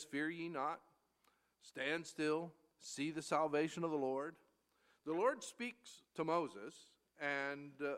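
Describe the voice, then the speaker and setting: A man preaching an expository sermon, reading scripture slowly and swinging between loud emphasis and hushed near-whispers. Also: on the high side. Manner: reads verses in slow King James cadence.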